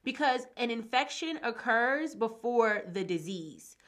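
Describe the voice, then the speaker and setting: A woman's voice: on the high side, lively intonation, measured pace, fairly bright tone. A woman, talking casually, candid and frank, swearing freely when frustrated. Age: 20s. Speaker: podcast host. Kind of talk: casual solo podcast talk.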